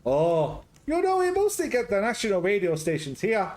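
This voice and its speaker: A man's voice: sits high, wildly swooping pitch, moderate pace, a little mellow, pitched above the performer's own voice. A man voicing a cheerful middle-aged Greek restaurant owner in a game, with a put-on Greek-Scottish accent and a chatty, exclaiming manner. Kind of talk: reading game dialogue aloud.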